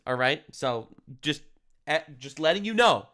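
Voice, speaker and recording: Bright-voiced ranting man commentator. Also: on the high side, lively intonation, unhurried. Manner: crude, heated and sarcastic. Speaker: streamer commentator. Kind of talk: ranting commentary over clips.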